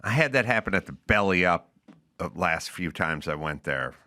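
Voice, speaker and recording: A man's voice: deep voice, expressive, moderate pace, pushed and bright, dry recording. A middle-aged man hosting a comedy podcast, ranting bluntly and profanely in casual chat. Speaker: podcast host.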